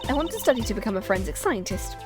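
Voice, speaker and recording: A woman's voice: mid-range voice, sing-song, rapid-fire, lightly acted. A woman voicing a grumpy young female forensic detective, reading game lines in a sulky, irritable way. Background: game music.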